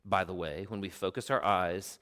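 A man preaching a sermon, telling stories with animation, explaining the original Greek, and dropping to a quiet, slow voice for emphasis. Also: sits low, steady tone, clear, resonant tone. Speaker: pastor.

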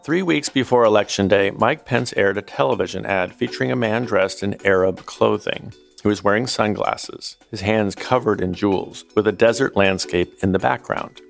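A man narrating a documentary as its host, in a measured, scripted delivery. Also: on the low side, creaky, faint music behind.

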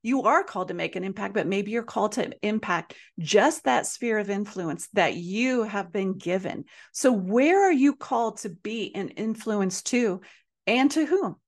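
A woman's voice: mid-range voice, lively intonation, unhurried. A woman hosting a podcast, telling a personal story in an earnest, emphatic way and repeating phrases for effect. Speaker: podcast host.

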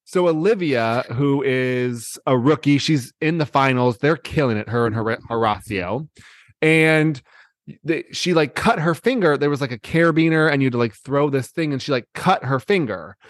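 A man co-hosting a casual chat, telling a story excitedly with many fillers and restarts. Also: mid-range voice, normal speed, dry recording, studio quality.

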